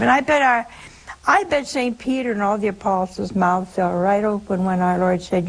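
Gravelly-voiced older woman telling stories. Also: mid-range voice, normal speed. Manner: animated storyteller, acts out quotes with laughter. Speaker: religious speaker addressing listeners. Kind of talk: storytelling religious talk.

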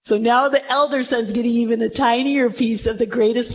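A woman preaching a sermon to a gathered group, telling the story with dramatic emphasis and dropping low for asides. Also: steady tone, brisk, big-room sound, a little hiss or hum. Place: church or meeting room with a group.

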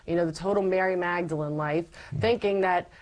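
A woman's voice: lowish voice, fairly quick, low-quality recording. A woman giving a personal faith testimony as an interview guest, telling her story animatedly and acting out past conversations. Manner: animated storyteller who acts out past dialogue.

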